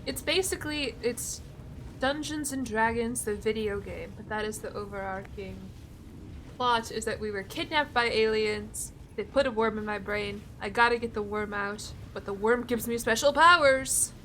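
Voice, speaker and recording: A woman's voice: fairly high pitch, moderate pace, fairly bright tone, slight background noise. A young adult woman streaming a video game, chatting casually with her viewers, laughing often and joking about herself. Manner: laughs often, self-deprecating, reads chat aloud. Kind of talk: casual live-stream chat while gaming.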